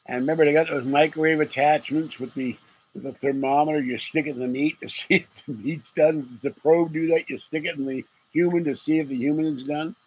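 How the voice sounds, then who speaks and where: A man rambles through a late-night livestream, greeting viewers and spinning jokey tangents with frequent chuckles. His voice sits a little high and has a husky edge. He sounds drowsy as he talks. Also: fairly even intonation, brisk, darkish tone, low-quality recording. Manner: rambling, joking, chuckles often. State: getting sleepy. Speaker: livestream host.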